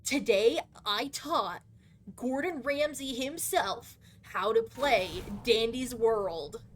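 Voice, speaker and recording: A young woman streaming a game live, talking in a high and very lively voice that swoops up and down. She is excitable, laughs a lot and swears, and there is faint noise behind her. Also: slow. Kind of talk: live gaming stream chat.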